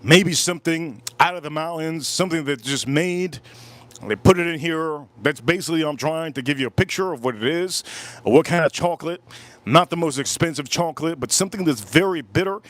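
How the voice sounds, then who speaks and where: Male livestream reviewer, casual and enthusiastic, repeats himself, slightly higher voice. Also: fairly quick, fairly bright tone. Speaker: livestream cigar and whiskey reviewer.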